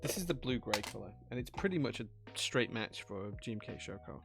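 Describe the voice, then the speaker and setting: A man's voice: fairly low pitch, lively intonation, fairly quick, gravelly, music in the background. A man streaming live, chatting casually while he builds a keyboard, thinking aloud and answering chat.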